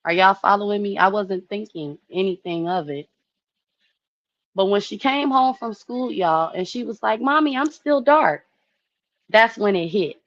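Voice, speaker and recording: A woman in her early thirties telling a personal story to her viewers in a chatty, animated way, often saying "you know". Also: mid-range voice, normal speed, no echo, muffled recording. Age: 30s. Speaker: vlogger.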